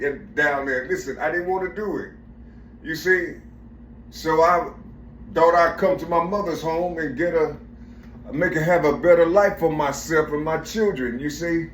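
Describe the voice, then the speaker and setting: High-voiced man rambling in an echoey room. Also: slight background noise. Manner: profane, repetitive, searching for words, keeps saying "you see". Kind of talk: rambling personal monologue.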